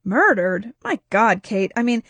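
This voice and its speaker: A woman voicing a tired, worried husband who talks quietly and soothingly. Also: fairly high pitch, sing-song, unhurried, dry recording, exaggerated voice. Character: weary worried husband, gentle and protective.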